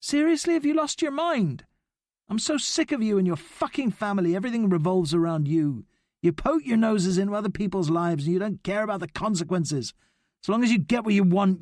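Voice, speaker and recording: A man voicing an angry, upset young boy who shouts and pleads with his friend in an audiobook. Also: a little high, lively intonation, quick pace, gravelly, no echo, studio quality, voice pushed up. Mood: furious.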